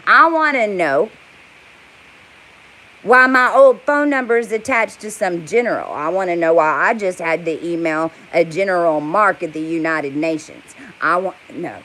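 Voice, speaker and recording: A woman's voice: lowish voice, unhurried, pushed and bright, low-quality recording. A woman delivering an angry, profane, rambling rant to camera. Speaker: vlogger. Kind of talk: heated monologue to camera.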